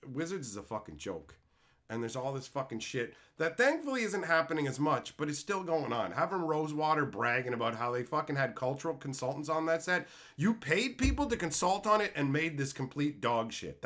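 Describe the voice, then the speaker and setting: A young streamer from Canada rants in a bright, sharp voice that swoops up and down in pitch. He swears freely and mocks his targets with sudden loud impressions. It is a casual, heated commentary. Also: very animated, normal speed. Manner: profane, mocking, swings into loud sneering impressions. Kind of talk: ranting commentary.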